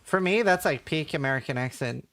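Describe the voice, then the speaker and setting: A man's voice: a little high, lively intonation, a little fast, fairly bright tone, no echo. A man chatting casually as a streamer while playing a game, slangy and playful. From Norway. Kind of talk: casual gaming commentary.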